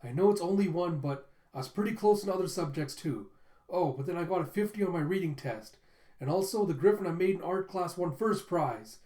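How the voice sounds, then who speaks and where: A man voicing a bratty, proud rich schoolboy who gets flustered, in a loud, huffy manner. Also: sits high, animated, a little fast, voice pushed up. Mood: eager. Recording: roomy echo.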